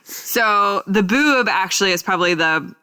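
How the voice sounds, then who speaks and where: A woman co-hosting a podcast, chatting casually and earnestly, lively when she reads out funny headlines. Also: medium pitch, measured pace, smooth. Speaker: podcast co-host. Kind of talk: casual chat.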